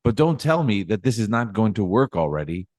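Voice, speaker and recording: Ranting low-voiced sports podcast man. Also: big pitch swings, fairly quick, a little mellow, no room sound, clean studio sound. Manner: emphatic, ranting. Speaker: podcast co-host.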